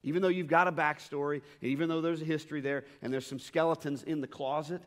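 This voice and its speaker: A man's voice: fairly high pitch, fairly even intonation, fast talker. A middle-aged man preaching a sermon as pastor, telling stories earnestly and repeating his key phrases for emphasis. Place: church sanctuary. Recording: reverberant church hall.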